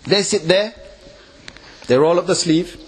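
A man giving a lecture at a mosque, talking animatedly and checking in with his listeners with quick questions. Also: high voice, husky. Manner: animated, acts out quoted voices and laughs often. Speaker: Islamic lecturer.

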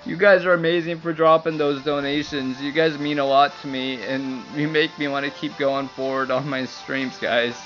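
Young male livestreamer, overjoyed and crying, high bright voice; lo-fi stream sound. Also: level tone, moderate pace, few pauses. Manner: overjoyed, laughing and tearful, breathless thanks. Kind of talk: excited livestream commentary. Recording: dull lo-fi stream audio with faint music.

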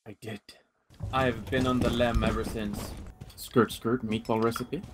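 A man voicing a sneaky male spy in an exaggerated put-on Swedish accent, talking in a hushed, conspiratorial way over voice chat. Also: mid-range voice, level tone, unhurried, lightly acted. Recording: noisy voice chat.

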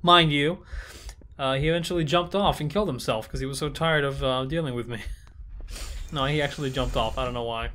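A man's voice: medium pitch, fairly quick, bright, forceful tone. A young man commentating his blind playthrough of a shooter game, frustrated, swearing and taunting the enemies on screen. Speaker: gaming video host. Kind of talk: blind let's play commentary.

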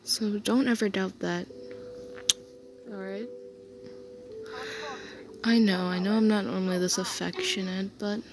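Woman voicing a loving young man, soft comfort role-play, slow-paced, tender, reassuring, faint hiss behind. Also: medium pitch, fairly even intonation, lightly acted. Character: affectionate young man soothing his partner to sleep.

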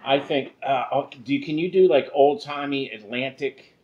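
A man's voice: mid-range voice, moderate pace, darkish tone, dull audio. A man co-hosting a whiskey and cigar review, chatting casually in a joking, easygoing way. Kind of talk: casual chat.

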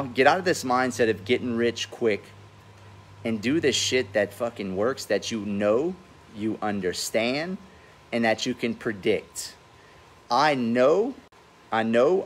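Outdoors by his pool, a man in his forties, a real estate investor and host, delivers blunt business advice laced with profanity in a casual livestream. His mid-range voice is husky, and he claims to have a funny accent.

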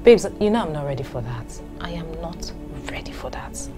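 Curt young woman, lowish voice, film score under it. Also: animated, moderate pace, music in the background. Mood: explaining. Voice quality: curt, dismissive delivery. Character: blunt independent young woman, commitment-shy. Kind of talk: film drama acting. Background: soft film score.

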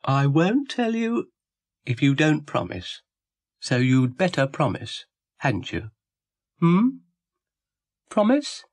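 A grumpy, self-pitying shaggy dog from a storybook record, as a man puts him on, whining and wheedling in a raised, swooping voice. The delivery is slow and drawn out, and the sound is close and dry. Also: a little high, big pitch swings, dry recording, voice pushed up, heavily acted. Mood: sulky. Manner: whiny, sulky, wheedling.

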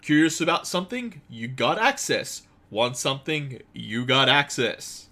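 A man voicing a shady salesman, slow and booming. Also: lively intonation, bright, forceful tone, exaggerated voice. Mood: salesy. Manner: slow, emphatic sales pitch. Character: shady adult male salesman hawking rare goods. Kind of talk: reading game dialogue aloud in a voice.

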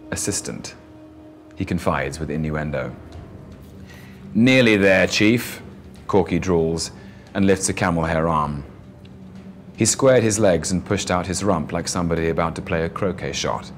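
A man narrating a novel in a measured storytelling voice. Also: sits low. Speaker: audiobook narrator. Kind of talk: audiobook narration with character voices.

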